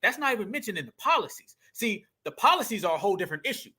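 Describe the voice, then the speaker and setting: Fast, bright-voiced man ranting. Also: high voice, big pitch swings, slightly rough. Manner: emphatic, slangy, addresses viewers as family. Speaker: commentary show host. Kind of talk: political commentary rant.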